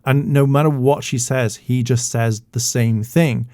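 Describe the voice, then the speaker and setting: A man's voice: medium pitch, steady tone, measured pace, mellow, no room sound, clean studio sound. A man giving heated YouTube reaction commentary, blunt, profane and indignant.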